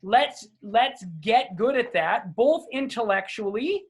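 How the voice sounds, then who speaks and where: A man's voice: very high voice, expressive, slow, slightly rough. A man speaking as a guest in a casual conversation over a video call, earnest and often checking in with "right?".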